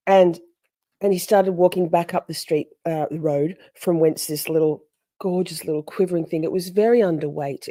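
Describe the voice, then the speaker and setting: A woman hosting a livestream, chatting casually and greeting viewers by name between animated stories. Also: on the low side, no echo, clean studio sound. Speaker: livestream host. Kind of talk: casual chat with live viewers.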